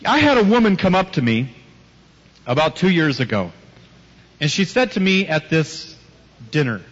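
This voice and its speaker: A man's voice: fairly high pitch, very animated, normal speed, breathy edge. A man preaching a sermon before a live audience, telling personal stories with emphatic rhetorical questions and light teasing. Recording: dull audio with long hall reverb.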